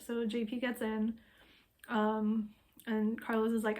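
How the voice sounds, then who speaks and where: A woman with a fairly high voice retells a memoir in easy, casual chat. She speaks in a level, even tone and fills her sentences with "um" and "like." Her delivery is relaxed and conversational, like an astrologer talking through a book. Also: measured pace. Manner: loose, filler-heavy talk with frequent "um" and "like".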